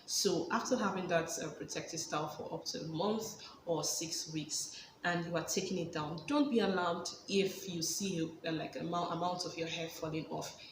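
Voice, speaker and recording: A woman's voice: on the low side, steady tone, moderate pace. A woman giving casual hair care advice in a vlog, stressing points by repeating words. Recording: echoey room with background noise.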